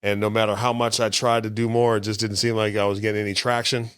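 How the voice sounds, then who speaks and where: A middle-aged man, a stand-up comedian, telling frank, profane stories in a relaxed way as a podcast guest on a close mic. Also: on the low side, quick pace, clean tone, no room sound. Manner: frank, profane, laid-back storyteller. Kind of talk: candid storytelling in casual interview.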